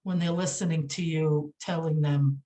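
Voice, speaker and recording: A woman speaking as a podcast guest, indignant and emphatic, with halting speech full of fillers, restarts and repeated phrases. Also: low-pitched, fairly even intonation, warm tone. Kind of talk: emotional podcast interview.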